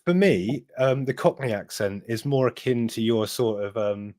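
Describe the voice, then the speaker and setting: A man's voice: medium pitch, moderate pace, a little mellow, dry recording. A man from Wiltshire with a West Country English accent, chatting as a podcast guest, rambling and restarting his sentences. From Wiltshire, England. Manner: rambling, self-interrupting, laughs easily. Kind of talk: casual podcast chat.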